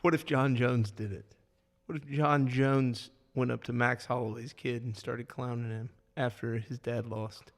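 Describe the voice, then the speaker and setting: A man with a gravelly, creaky edge to his voice rambles through a casual podcast chat, piling up fillers as he goes. His voice rings with a long reverb, as if the room is large and echoey. He keeps things animated and loose. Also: mid-range voice, unhurried, few pauses. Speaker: podcast co-host.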